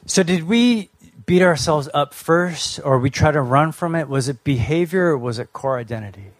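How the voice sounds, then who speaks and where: A man's voice: on the high side, animated, normal speed, dry recording. A young adult man from Canada giving a sermon, telling his own story in a casual, conversational way with fillers and restarts. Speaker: pastor.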